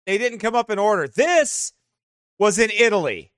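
A man telling casual stories over travel photos, animated and quick to laugh. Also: sits high, dry recording, studio quality. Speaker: vlogger showing travel photos. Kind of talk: casual storytelling.

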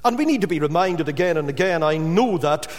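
A man preaching a sermon, stressing key words slowly and then dropping his voice to a hush. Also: on the high side, lively intonation, in a large hall. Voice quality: emphatic, with drawn-out stressed words and sudden drops to a hush.

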